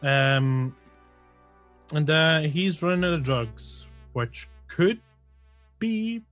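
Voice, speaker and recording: A man player introducing himself and his character in a relaxed, joking way. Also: on the high side, drawn-out words, soft background music. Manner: relaxed, joking, plugging the show. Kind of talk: casual chat.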